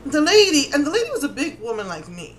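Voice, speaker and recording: A middle-aged woman with a New York Puerto Rican accent, telling a story in a casual, animated way and acting out what people said. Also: sits high, fast, a little hiss or hum. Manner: animated, exasperated, acts out quotes. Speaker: vlogger.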